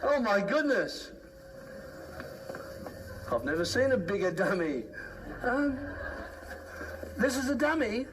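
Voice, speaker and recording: A man's voice: very high-pitched, very animated, slow pace, long pauses, noisy background. A man with an Australian accent, joking and chatting playfully while running a comedy skit. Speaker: entertainer, co-host. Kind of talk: comedic banter and ventriloquism skit.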